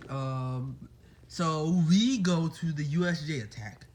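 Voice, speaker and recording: Rambling excitable young man, slightly high. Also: takes it slowly, noisy background. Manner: rambling, excitable, full of "like" fillers and apologies. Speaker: fan storyteller. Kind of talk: casual fan-fiction retelling.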